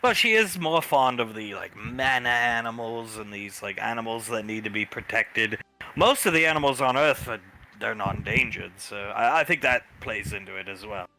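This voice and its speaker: A man's voice: mid-range voice, animated, normal speed, bright, forceful tone, faint music behind. Chatty animal-loving young wife, by a man. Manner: rambling, self-correcting.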